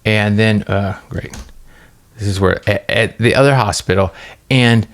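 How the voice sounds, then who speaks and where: Low, gravelly man telling a story. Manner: rambling, halting retelling with many restarts and fillers. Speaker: podcast co-host. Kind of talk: casual storytelling chat.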